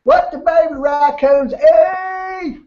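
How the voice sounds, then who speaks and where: A shrill baby big-mouth frog. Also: male voice. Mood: shrill excited. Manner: shrill, shouted, drawn-out questions. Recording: dull lo-fi recording.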